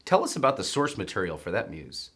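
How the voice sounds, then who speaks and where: Brisk husky male interviewer. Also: on the low side, huge pitch swings, a bit bright. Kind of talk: interview questions.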